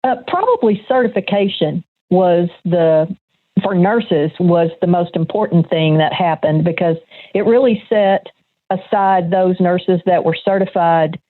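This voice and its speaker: A woman's voice: on the low side, no room sound. Older woman on a tinny phone line. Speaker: guest, retired nurse. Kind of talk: conversational interview.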